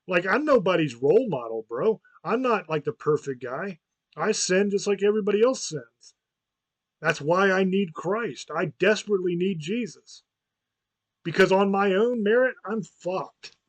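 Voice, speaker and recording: Profane high-voiced man ranting. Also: no echo. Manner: profane, rambling, heated storytelling. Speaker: podcast host. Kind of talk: casual chat.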